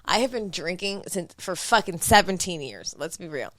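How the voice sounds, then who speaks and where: Bright-voiced woman in her thirties, emphatic. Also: fairly low pitch, expressive, dry recording. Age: 30s. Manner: quick, emphatic, explaining herself. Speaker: podcast co-host. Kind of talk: casual chat.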